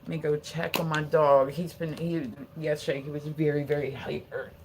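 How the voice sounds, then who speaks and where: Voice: medium pitch, little pitch movement, moderate pace, background noise. Rambling, swearing livestreamer in their forties. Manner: rambling, filler-heavy, swears freely, laughs often. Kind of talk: casual livestream chat. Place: home.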